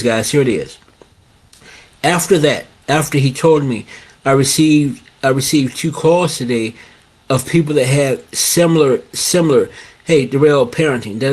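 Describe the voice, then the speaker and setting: Husky man hosting a casual live show. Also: medium pitch. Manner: repetitive, restarts phrases, addresses "guys". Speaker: show host. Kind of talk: casual live-stream talk.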